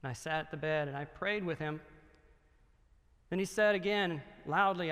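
A middle-aged male pastor telling a story in a sermon, earnest and growing hushed and solemn. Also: a little high, normal speed. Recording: long reverb of a hall.

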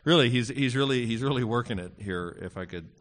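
A man teaching a Greek grammar class in a casual lecture, pausing often with fillers and dropping wry asides. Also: mid-range voice, fairly bright tone.

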